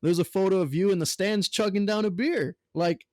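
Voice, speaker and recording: A man hosting a baseball podcast, chatting casually with his guest, laughing along and reacting quickly. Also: sits high, a little hiss or hum. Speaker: podcast host. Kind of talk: casual interview chat.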